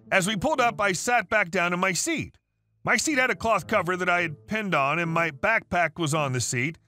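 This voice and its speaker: A male synthetic-sounding voice reading online stories aloud in an even manner, speaking the dialogue tags out loud. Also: high voice. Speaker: story narrator.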